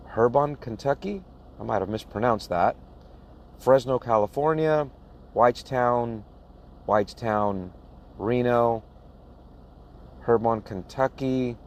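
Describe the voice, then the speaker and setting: A man's voice: mid-range voice, a little hiss or hum. A man talking casually to his viewers and reading out a list of places, plain-spoken and chuckling at names he cannot pronounce. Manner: slow, plain-spoken, laughs at his own mispronunciations. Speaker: box truck owner-operator vlogger.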